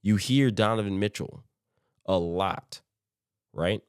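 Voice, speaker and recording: Man, lowish voice, rambling podcast host, dry close recording. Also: slow pace, smooth, no room sound. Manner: rambling, conversational, restarts phrases; quotes imagined teams in offhand voices. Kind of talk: solo sports commentary podcast.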